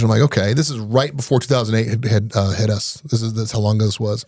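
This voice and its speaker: Man, middle-aged, podcast guest, casual storytelling, rapid delivery, dry close sound. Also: fairly low pitch, vocal fry, no room sound. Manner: rapid, animated anecdotes broken up by laughter. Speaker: podcast guest, IT business owner.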